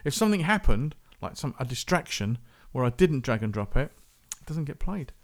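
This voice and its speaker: A man's voice: medium pitch, very animated, moderate pace. A man hosting a music podcast, chatting casually and rambling. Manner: rambling, chatty, self-interrupting. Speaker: podcast host.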